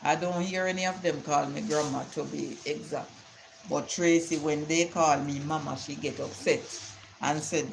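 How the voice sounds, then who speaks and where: A woman's voice: low voice, steady tone, moderate pace, gravelly, poor audio. An older grandmother talks to her live-stream audience. She rambles from one anecdote to the next and quotes scripture along the way. A faint ambient hum sits under her voice. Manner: rambling storytelling with Bible sayings. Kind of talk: casual live-stream chat.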